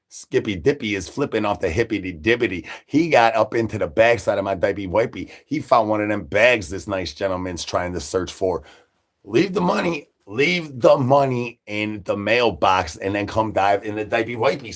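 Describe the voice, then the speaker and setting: A man rambling through absurd nonsense banter on a comic live stream, breaking into sudden high shouted asides. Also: lively intonation, normal speed, husky. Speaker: livestreamer.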